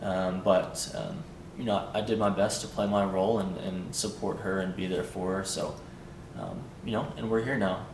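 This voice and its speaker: A young man, the vlogger's husband, speaking in a halting, hesitant way with many fillers. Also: steady tone. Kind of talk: casual personal talk. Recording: roomy echo, distant mic, faint rumble.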